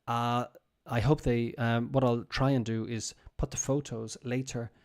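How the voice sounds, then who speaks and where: A man's voice: mid-range voice, little pitch movement, unhurried. A man hosting a casual livestream English lesson, patiently repeating words and phrases for learners in a loose, chatty way. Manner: loose and chatty, many fillers. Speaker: English teacher and stream host.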